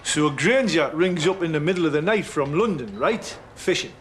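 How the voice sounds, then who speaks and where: A man's voice: on the high side, animated, normal speed, slight background noise, lightly acted. An actor with a Geordie accent playing a brash, pushy working man in a TV drama. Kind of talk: TV drama acting.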